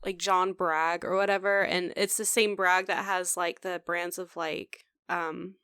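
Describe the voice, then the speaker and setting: A young woman co-hosts a podcast in a loose, chatty way, with plenty of "like" and "um". Her voice is smooth and clear at a middle pitch, recorded dry and close. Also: flat delivery, unhurried, fairly bright tone, dry recording. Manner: chatty, full of "like" and "um" fillers. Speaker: podcast co-host. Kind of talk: casual podcast chat.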